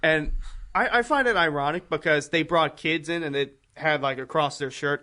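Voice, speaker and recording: A man co-hosting a podcast, telling a story in halting casual chat with fillers. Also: a little high, pushed and bright. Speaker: podcast co-host.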